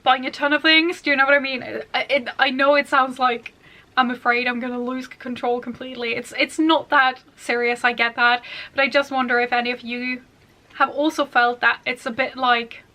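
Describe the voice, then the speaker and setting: A woman's voice: high voice, fairly even intonation, normal speed, bright, forceful tone. A woman beauty vlogger talking casually and at length about her makeup, with many fillers. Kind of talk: chatty makeup collection vlog.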